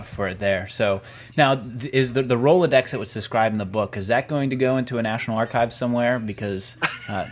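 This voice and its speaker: A man with a fairly low voice runs a book club interview over a video call. His questions wander and fill up with "uh" and "like" before he reaches the point. He sounds casual and conversational. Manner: long, meandering questions with fillers.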